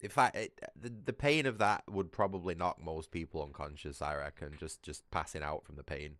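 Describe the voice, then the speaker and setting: A man's voice: extremely low pitch, normal speed, fairly bright tone, dry recording, clean studio sound. A man, chatting casually with his livestream viewers, rambling, swearing freely and laughing often. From Britain. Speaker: gaming livestreamer.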